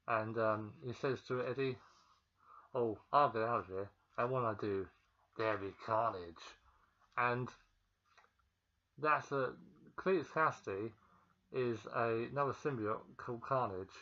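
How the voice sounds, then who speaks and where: A man talks his viewers through a film's story in a loose, unscripted way, stopping for ums and restarting half-finished words. His voice sits at an average pitch for a man. The recording is dull and lo-fi, as if made on a simple home setup. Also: a bit bright. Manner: rambling and hesitant, many ums and restarts. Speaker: film reviewer. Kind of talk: casual spoken film recap.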